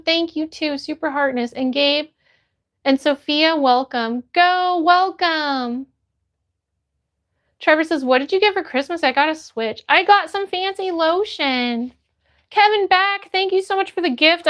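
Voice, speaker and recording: A woman's voice: extremely high pitch, a bit bright. A young woman hosting a casual phone livestream, bubbly and greeting viewers by name as she reads the chat. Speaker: livestream host reading chat. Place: home, phone stream.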